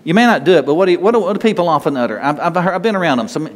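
A man's voice: fairly high pitch, lively intonation, rapid-fire, in a large hall. A man pastor preaching a sermon in an earnest, conversational way, often repeating and restarting his words.

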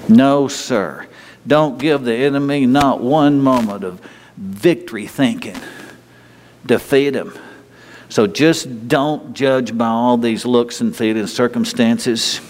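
Emphatic male preacher in a reverberant hall. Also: a little mellow. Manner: emphatic, conversational preaching with sudden high mocking whines. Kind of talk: sermon.

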